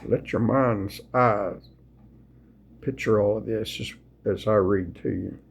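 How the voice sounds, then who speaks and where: Sleepy man, husky voice, folksy rambling scripture reader. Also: fairly low pitch. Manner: slow, folksy, rambling with restarts. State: sleepy, yawning. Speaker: video host sharing scripture. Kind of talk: casual devotional talk and Bible reading.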